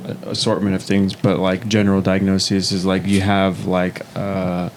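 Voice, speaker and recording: A man with a very deep voice co-hosting a podcast, faint noise behind him. He talks loosely, circling and restarting his sentences as he thinks out loud. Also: completely flat delivery, moderate pace. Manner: rambling, many fillers and restarts. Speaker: podcast co-host. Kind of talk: casual podcast discussion.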